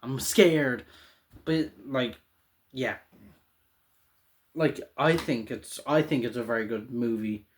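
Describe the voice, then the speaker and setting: A man's voice: mid-range voice, takes it slowly, long pauses. A young man hosting his own show, talking casually about a film in a loose, rambling way full of fillers and restarts. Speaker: show host reviewing a film. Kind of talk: casual monologue.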